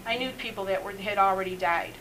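Speaking fast in a bright, medium-pitched voice, a middle-aged woman who serves as a messianic rabbi gives her testimony in a faith interview. The recording is rough, with slight background noise. She comes across as earnest, often laughing and relying on "you know."

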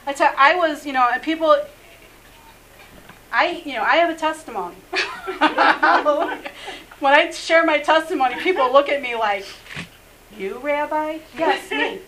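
Middle-aged lady rabbi telling her testimony, kinda high bright voice, laughs a lot, lots of you knows. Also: measured pace, slight background noise, rough recording. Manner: earnest, laughs often, many "you know" fillers. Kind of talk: personal testimony in a faith interview.

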